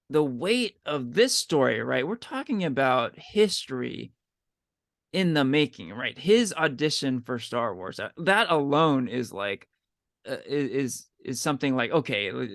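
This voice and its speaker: A man's voice: mid-range voice, lively intonation, a little slow, vocal fry, a bit bright, dry recording, studio quality. A man co-hosting a podcast, talking eagerly in casual chat and often asking "right?". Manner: enthusiastic, chatty, often asks "right?". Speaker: podcast co-host.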